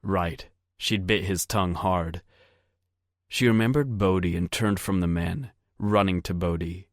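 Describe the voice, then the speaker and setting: Audiobook narrator: low, unhurried, measured man, dry studio read. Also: no room sound. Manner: steady, measured reading. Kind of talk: scripted narration.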